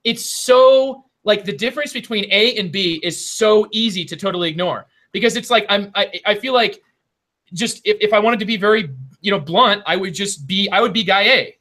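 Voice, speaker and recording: This young man, a co-host on a casual board game podcast, talks at normal speed in a high, bright, forceful voice. His long story is rambling, filled with restarts and asides.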